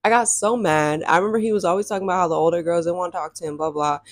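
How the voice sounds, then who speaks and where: A woman's voice: fairly low pitch, rapid-fire, dry recording, studio quality. Sassy young woman telling a storytime. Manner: animated, sassy, laughs often. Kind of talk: casual storytime.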